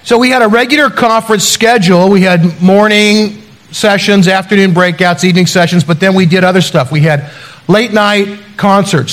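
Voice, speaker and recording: A middle-aged pastor preaching a sermon, his voice sitting fairly high for a man. He tells stories in a relaxed, conversational way with self-deprecating humor.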